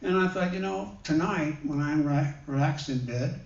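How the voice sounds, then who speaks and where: Male minister, gentle conversational sermon, slightly high pitch, distant muffled recording in a reverberant hall. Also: creaky. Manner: gentle, conversational, with many pauses and fillers. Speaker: guest minister. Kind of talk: sermon with personal stories. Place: church hall. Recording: roomy, dull sound from a distant mic.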